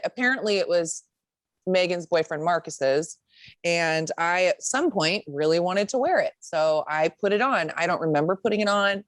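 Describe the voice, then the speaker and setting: In a casual podcast conversation, a young adult female co-host tells a story at a moderate pace, her voice lowish and the audio free of room sound. She curses without restraint and animatedly performs the lines people said.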